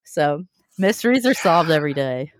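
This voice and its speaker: Animated, chatty woman podcast host. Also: deep voice, normal speed, no room sound, studio quality. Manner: chatty, animated and self-deprecating. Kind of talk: casual chat.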